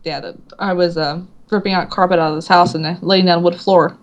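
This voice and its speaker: A woman's voice: on the low side, a little fast, highs cut off. A woman author being interviewed, chatting casually and acting out quoted voices with frequent laughter. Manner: animated storyteller, acts out quotes, laughs often. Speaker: author guest.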